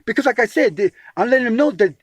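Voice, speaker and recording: Casting note: a man pouring out a grievance, high husky voice, stumbles and repeats, says sweetie a lot. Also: animated, fast talker, no echo. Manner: emphatic, repeats words and calls the listener sweetie; restarts phrases often. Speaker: caller telling his grievance.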